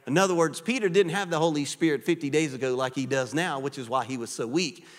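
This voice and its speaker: A man preaching a sermon as pastor, animated and conversational, with frequent rhetorical questions to the congregation. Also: a little high, fast talker. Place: church sanctuary. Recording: church hall with long reverb.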